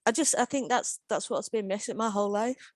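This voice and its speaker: A woman's voice: medium pitch, a little fast, dry recording. A woman chatting on a casual podcast, giggly and self-deprecating. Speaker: podcast guest.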